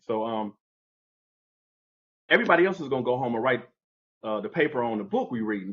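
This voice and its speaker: Expressive and brisk, a man pauses often while telling an animated story from his youth as a podcast guest. Quoted voices are acted out with big pitch jumps, captured in lo-fi sound.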